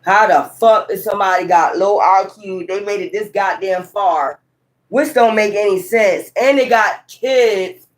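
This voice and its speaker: Unhurried and medium-pitched, this woman reads tarot casually to camera on poor audio. Her talk is blunt and heated, rambling and emphatic, peppered with cussing and abrupt exclamations.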